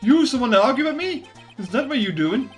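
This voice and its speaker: A streamer voicing a hot-tempered male mob boss in a game, threatening in loud street slang. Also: high-pitched, sing-song, brisk, faint music behind, pitched above the performer's own voice. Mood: menacing.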